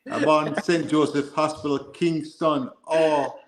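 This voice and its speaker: A man from Jamaica with a Jamaican accent mixed with American, telling stories on a call-in show in an animated way and laughing as he goes. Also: a little high, a little slow, a little hiss or hum, rough recording. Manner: animated, laughs while telling stories, drifts between patois and American speech.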